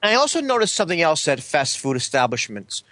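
Man, slightly high voice, dry close sound, halting, repeats himself, exasperated anecdote. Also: very animated, sharp tone, dry recording. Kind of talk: casual storytelling chat.

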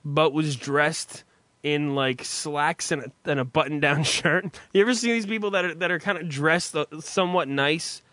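A man casually telling a profane, animated story on a podcast. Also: fairly high pitch, moderate pace, no echo. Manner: profane, animated, self-mocking.

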